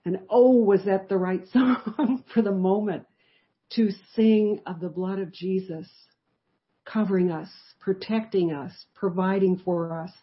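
A woman's voice: mid-range voice, a little slow, highs cut off. Woman telling her testimony at Bible study. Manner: conversational storytelling, lively shifts in loudness.

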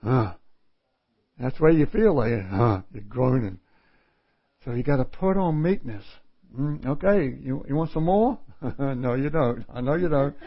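A man preaching with a slow, unhurried delivery, folksy and self-mocking, often breaking into a laugh. The recording is slightly muffled and lo-fi. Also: fairly high pitch. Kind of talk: sermon.

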